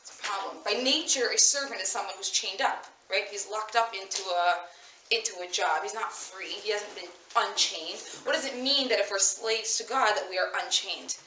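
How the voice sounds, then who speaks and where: A woman from New York with a New York accent, telling a story in a chatty, animated way during an informal Torah class. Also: medium pitch, normal speed. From New York, USA. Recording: echoey room, distant mic, faint noise.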